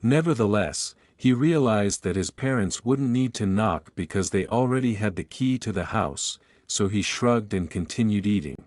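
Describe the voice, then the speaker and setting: A man reading a fan-fiction story aloud as narrator, in a flat, even storytelling manner. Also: lowish voice, normal speed, few pauses, no room sound, studio quality.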